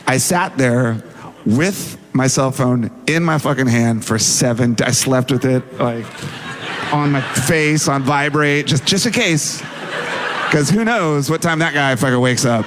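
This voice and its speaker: Profane, animated man telling a story. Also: medium pitch, a little slow, background noise. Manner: animated, profane, acts out quoted dialogue. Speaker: interview guest. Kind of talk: casual storytelling.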